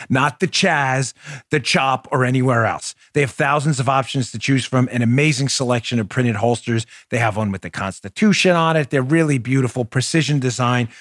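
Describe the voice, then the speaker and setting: A man's voice: mid-range voice, dry recording, clean studio sound. A man hosting a political talk show, emphatic and combative, speaking straight to his listeners and reading ads.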